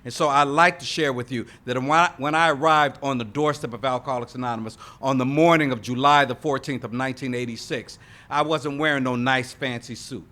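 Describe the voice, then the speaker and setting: A man telling his recovery story at an AA meeting, talking to the room and building to loud emphatic moments. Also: mid-range voice, brisk. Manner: lively storyteller addressing the room with "y'all" and "right?"; emphatic, rising to loud punches. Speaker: AA meeting speaker. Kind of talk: recovery testimony to a live audience. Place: meeting hall with live audience.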